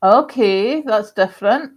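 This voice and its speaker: A woman's voice: mid-range voice, measured pace. A woman hosting a casual live stream, chatting rambly and reading out viewer comments with lots of ums. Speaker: livestream host.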